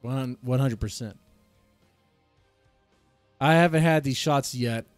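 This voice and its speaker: A man's voice: mid-range voice, slow, no room sound, soft background music. A man streaming and reacting to a video clip, commenting in a laid-back, sarcastic way.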